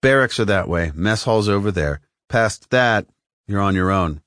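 A man's voice: lowish voice, expressive, moderate pace, fairly bright tone, no echo, studio quality. A man voicing a tough, guarded young female soldier who speaks tersely, in an audiobook.

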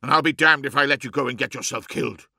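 A man's voice: medium pitch, fast, vocal fry, slightly rough, no room sound, clean studio sound, full character voice. A man voicing a blunt, impatient male warrior captain who snaps and pushes hard. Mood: forceful. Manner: snapping, forceful.

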